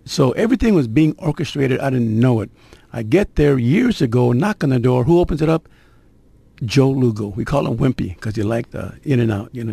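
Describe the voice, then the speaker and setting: A man's voice: mid-range voice, vocal fry, warm tone, breathy edge, dry recording. An older man, telling his conversion story in a conversational, streetwise way with suspense-building asides. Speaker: guest sharing his conversion testimony. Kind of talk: personal testimony storytelling.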